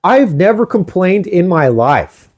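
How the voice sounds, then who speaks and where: A young man co-hosting a casual chat show, telling a story in an animated way, swearing freely and acting out what people said. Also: high voice, a little slow. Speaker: co-host.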